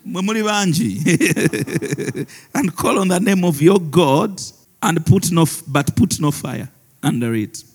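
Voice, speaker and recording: A male pastor preaches slowly in a high, gravelly voice. He breaks into laughter often and slips Luganda phrases into his sermon. His voice rings out with the long reverb of a large church hall. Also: lively intonation, darkish tone.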